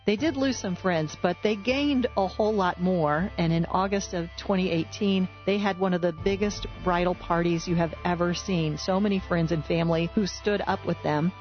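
A woman's voice: on the low side, moderate pace, few pauses, highs cut off, faint music behind. A woman host narrating and summarizing a couple's story. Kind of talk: scripted narration.

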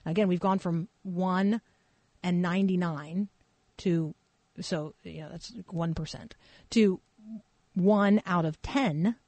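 A woman's voice: fairly low pitch, slow, pauses often, no echo. A woman pastor tells a story in a loose, conversational sermon, with plenty of fillers. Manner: casual, animated storytelling with fillers.

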